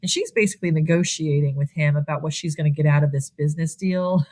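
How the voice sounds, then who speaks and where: Lively woman retelling a movie plot. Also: deep voice. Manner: animated retelling, acting out lines in quick voices, laughs often. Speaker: podcast co-host. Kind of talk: casual movie recap chat.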